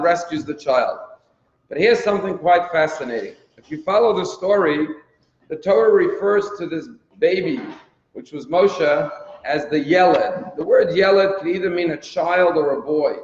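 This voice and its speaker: High-voiced rabbi in an echoey hall. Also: male voice. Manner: storytelling, explaining scripture with rhetorical questions. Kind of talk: daily sermon. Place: synagogue hall. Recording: echoey hall, dull lo-fi sound.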